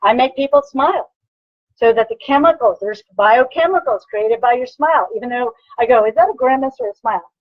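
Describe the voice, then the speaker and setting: Husky, punchy woman fitness coach. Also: fairly high pitch, brisk, no echo, muffled recording. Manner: energetic, punchy, repeats "bam" and "right?". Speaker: personal trainer. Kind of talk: motivational lecture.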